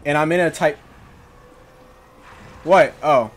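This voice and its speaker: A young man narrating his own gameplay, joking around and shouting when he gets startled. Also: fairly high pitch, moderate pace, a little hiss or hum. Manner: jokey, excitable, yells when startled. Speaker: gaming YouTuber. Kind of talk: let's play commentary.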